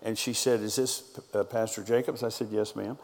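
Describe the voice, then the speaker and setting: Steady and a little mellow, this middle-aged pastor's lowish voice moves at a moderate pace through a large hall. He preaches by storytelling, relaying conversations by quoting each person's words.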